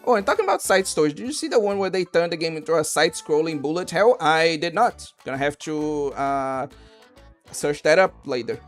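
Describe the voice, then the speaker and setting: Casual streamer: mid-pitched, rambling, heavy on fillers, jokey with chat, faint game music behind. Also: animated, fairly quick. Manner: rambling, with many fillers and restarts; loose, joking banter with chat.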